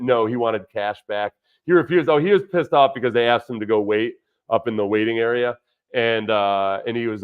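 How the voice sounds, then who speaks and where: A man's voice: medium pitch, clean tone. A man hosting a casual livestream about football, rambling and reacting to viewer chat. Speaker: livestream host, former football player. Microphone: studio dynamic mic through a budget audio interface. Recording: dull lo-fi stream audio with dropouts.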